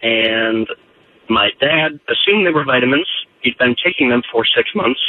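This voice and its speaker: A man's voice: mid-range voice, animated, moderate pace, no echo. A male caller phoning in to a radio show, telling a story in a plain, matter-of-fact way. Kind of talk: casual phone call. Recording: phone line.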